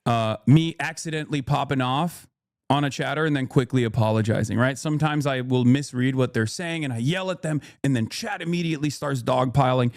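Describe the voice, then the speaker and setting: A man's voice: mid-range voice, brisk, no echo, studio quality. A man hosting a livestream in casual commentary, talking bluntly with plenty of swearing, thinking aloud and arguing back at his chat. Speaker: livestream host.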